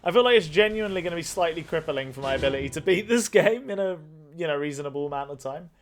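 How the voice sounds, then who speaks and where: A man's voice: a little high, animated, fast talker, a little hiss or hum. A man commenting on a mystery game as he plays, thinking aloud and swearing freely. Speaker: let's play host. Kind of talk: gaming commentary.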